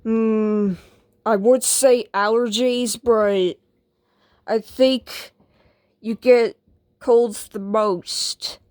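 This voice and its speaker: A woman playing the calm, patient owner in a homemade skit, speaking in a low-key way. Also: extremely slow, long pauses, dry recording, clean studio sound. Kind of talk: homemade skit role-play.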